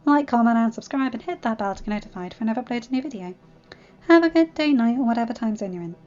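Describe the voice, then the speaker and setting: A woman's voice: on the high side, animated, fast talker, a little mellow. A woman host reading fan fiction aloud in a storybook narration, bubbly and chatty, on a dull lo-fi recording. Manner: bubbly and enthusiastic in asides.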